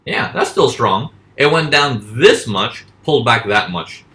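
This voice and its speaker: A man's voice: mid-range voice, expressive, bright, forceful tone. A man teaching forex trading in a casual lesson, asking questions and answering them himself. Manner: acts out panicking traders in quick voices. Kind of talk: casual live teaching over charts.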